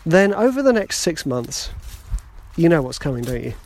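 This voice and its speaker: A man's voice: on the high side, sing-song, moderate pace, a little mellow. A British man hosting a solo podcast, telling a rambling, self-deprecating story in a casual, chatty way. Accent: British English. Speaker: podcast host.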